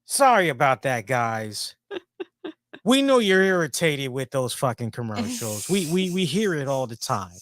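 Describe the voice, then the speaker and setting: A man's voice: mid-range voice, unhurried, no room sound, studio quality. A man co-hosting a talk show, ranting casually with lots of swearing and jokes. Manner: animated, heavy swearing, jokey. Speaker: podcast co-host. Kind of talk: casual profane rant.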